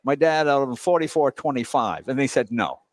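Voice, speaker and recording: A man's voice: mid-range voice, a little fast, no echo. A man in his seventies from Massachusetts, telling a car story in a casual chat and acting out voices and engine sounds. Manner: animated, acts out voices and engine noises.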